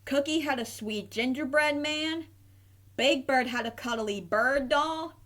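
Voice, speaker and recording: Slow, gentle woman reading to children. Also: high voice. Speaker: storybook reader. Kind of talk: children's read-aloud narration.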